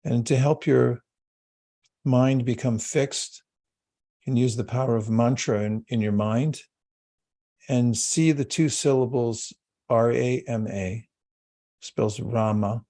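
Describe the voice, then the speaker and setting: Slow, mellow-voiced man leading meditation. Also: mid-range voice. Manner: slow, calm and soothing, with long pauses. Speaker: spiritual teacher. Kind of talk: guided meditation talk.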